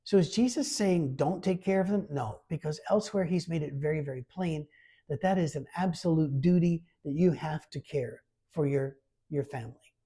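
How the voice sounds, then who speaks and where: A male pastor giving a sermon in an easy, conversational way. His voice is warm and a little husky, and he leans into scripture readings with extra emphasis. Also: a little high, normal speed. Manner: informal and lively, reads scripture aloud with emphasis.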